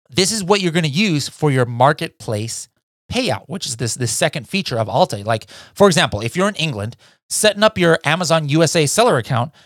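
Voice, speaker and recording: Male podcast host, higher voice, chatty and eager, dry close sound. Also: a bit bright, no room sound. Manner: enthusiastic and chatty, often says "all right" and "guys". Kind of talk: promotional podcast announcement.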